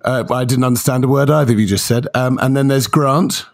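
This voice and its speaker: A man co-hosting a podcast in casual chat. He rambles, hesitates and restarts his sentences often. His voice sits at a middle pitch and is recorded close and dry, with no room sound. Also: steady tone, brisk, creaky, a little mellow, no room sound. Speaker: podcast co-host.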